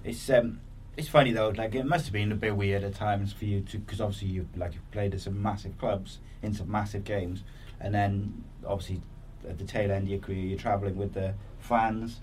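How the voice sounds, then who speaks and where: A man's voice: on the low side, fairly even intonation, a little fast, few pauses, darkish tone. A man hosting a podcast, asking long rambling questions in casual chat. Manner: chatty, rambling questions with many fillers. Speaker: podcast host. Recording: distant voice with faint room noise.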